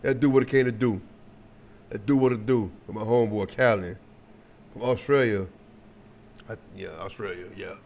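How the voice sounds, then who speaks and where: A man's voice: on the low side, moderate pace, pauses often, darkish tone, slight background noise. A man hosting a reaction video, chatting casually with slang and jokey asides.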